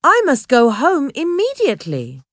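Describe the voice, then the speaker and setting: A woman's voice: fairly high pitch, big pitch swings, takes it slowly, fairly bright tone, dry recording, studio quality, exaggerated voice. A woman voicing a spoiled, whiny rich teenage boy who complains and makes demands in a storybook reading. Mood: demanding. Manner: petulant, complaining.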